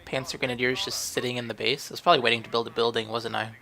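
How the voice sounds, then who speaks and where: A man's voice: medium pitch, little pitch movement, rapid-fire, vocal fry, sharp tone. A young man casually narrating a strategy game match he recorded, rambling and questioning his own moves as he goes. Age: young adult. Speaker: gaming channel host. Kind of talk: gameplay commentary.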